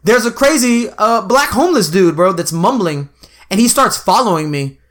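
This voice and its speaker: A man with a high voice talks at a normal pace while co-hosting an easygoing podcast. He's an animated storyteller who curses freely and performs the quotes in his anecdotes.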